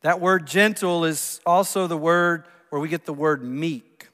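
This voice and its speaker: Male pastor, high-pitched, preaching in a reverberant hall with sharp drops to a hush. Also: unhurried. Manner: swings from loud emphasis to hushed near-whispers. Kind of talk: sermon. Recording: long reverb of a large hall.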